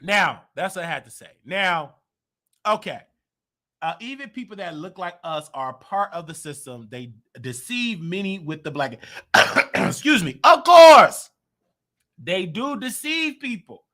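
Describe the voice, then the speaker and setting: American male livestream host, chatty and animated, slightly high voice, keeps clearing his throat. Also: unhurried. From United States. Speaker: show host. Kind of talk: livestream commentary talking to the chat.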